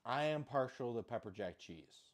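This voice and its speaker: This man's mid-range voice is expressive and keeps a normal pace. He's a home cook vlogger making casual kitchen chat while cooking at home, wandering off topic, poking fun at himself, and cursing occasionally.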